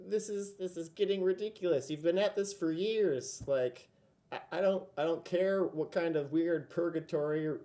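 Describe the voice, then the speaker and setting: Man doing a raised-pitch queen, scolding, demanding, loud and jealous, tabletop game voice. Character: angry queen scolding her lover.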